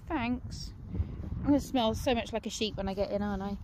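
A woman's voice: on the high side, moderate pace. A woman vlogging casually, cooing at her animals in baby talk. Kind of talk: casual vlog chat. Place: outdoors with animals, then at home. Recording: faint background noise.

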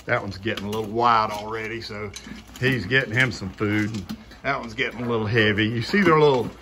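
A man's voice: lowish voice, fairly quick. A man hosting a casual vlog at his kennel, chatting in an amused way while he shows puppies at feeding time and promotes his training system. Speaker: dog breeder and channel host.

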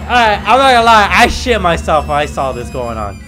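A young man giving excitable, trash-talking commentary while playing a video game. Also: high voice, fast talker, few pauses, soft background music. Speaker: gaming video creator. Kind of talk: gameplay commentary.

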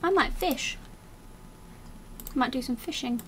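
A woman's voice: high voice, a little slow, crowd noise. A woman chatting casually while gaming, with a teasing, sardonic manner. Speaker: gaming host.

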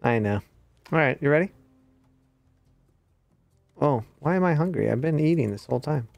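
A man's voice: fairly high pitch, animated, normal speed, gravelly, dry recording, faint music behind. A man casually chatting and laughing while streaming a co-op game, thanking viewers now and then. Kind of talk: casual gaming chat.

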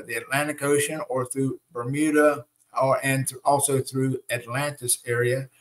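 A man leading a spiritual ceremony, explaining slides and then guiding a breathing meditation with calm, gentle instructions and frequent check-ins. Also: medium pitch.

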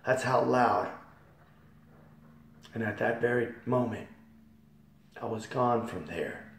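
A man giving a fervent church testimony in a hall, repeating phrases and swelling loud on key words. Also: medium pitch, slow pace, creaky, long pauses. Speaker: testimony speaker. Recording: echoey hall from far off.

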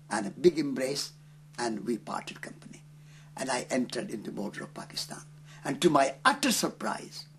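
A man from India, telling a story in an interview in an earnest, unhurried way with hesitant fillers. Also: mid-range voice, slight background noise.

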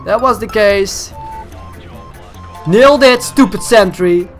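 A young man commentating his gameplay, excitable, shouting and swearing at the game. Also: high voice, slow pace, faint music behind. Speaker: gaming channel host.

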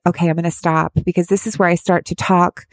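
Heartfelt halting mother, dry close sound. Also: lowish voice, little pitch movement, dry recording. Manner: halting, heartfelt, many restarts. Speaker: parent of a child with addiction. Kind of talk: candid personal advice talk.

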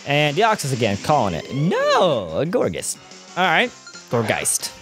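A man's voice: a little high, huge pitch swings, unhurried, fairly bright tone, faint music behind. A young man doing let's-play commentary, chatty and rambling, often drifting off on tangents. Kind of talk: video game commentary.

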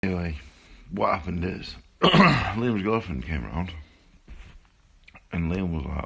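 Low husky boxer telling a story. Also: male voice, expressive, slow pace, sharp tone. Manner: rambling, sweary, laid-back. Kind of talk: casual storytelling to phone camera.

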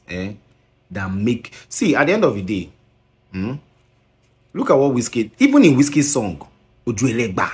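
A man's voice: medium pitch, darkish tone. A man with a Nigerian accent scolding in a commentary video, mixing Pidgin and English and firing rhetorical questions.

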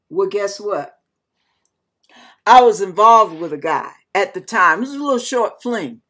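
A woman ministry host telling a personal testimony, animated, acting out the people in her story with frank asides to her listeners. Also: mid-range voice, a little slow.

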